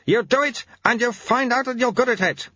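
Man doing a gruff old sweeper. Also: high voice, very animated, measured pace, pushed and bright, no echo, lo-fi sound, voice pushed up, heavily acted. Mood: urgent.

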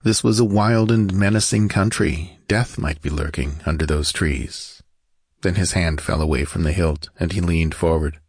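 A man reading an adventure story aloud as narrator in a measured, steady way. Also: low voice, husky, no echo, studio quality. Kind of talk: scripted audiobook narration.

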